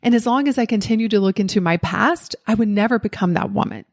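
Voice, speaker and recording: Woman, faint Southern US accent, podcast host, motivational talk, lively storyteller, mid-pitched voice. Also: quick pace, vocal fry. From Southern United States. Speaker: podcast host and life coach.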